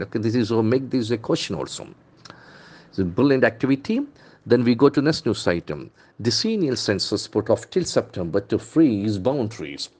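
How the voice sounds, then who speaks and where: A man with an Indian English accent teaching vocabulary from the newspaper, repeating words slowly and spelling out their letters. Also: fairly low pitch, darkish tone. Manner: enthusiastic, calls words beautiful and brilliant. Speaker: English trainer.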